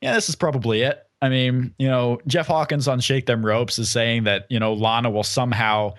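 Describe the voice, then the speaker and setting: A man's voice: mid-range voice, fairly even intonation, normal speed, no echo, clean studio sound. A man co-hosting a casual podcast, thinking aloud and hedging his predictions. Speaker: podcast co-host.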